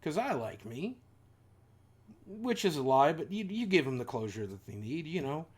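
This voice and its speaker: A man's voice: on the high side, sing-song, brisk, breathy edge. A man in his forties telling a personal story on his vlog, earnest and confessional with wry asides. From United States.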